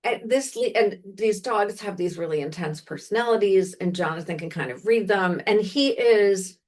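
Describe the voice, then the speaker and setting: Woman from dc chatting books on a podcast, mid pitch, rambly, keeps correcting herself. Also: normal speed, darkish tone. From Washington, D.C., United States. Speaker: podcast co-host recommending books. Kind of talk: casual chat.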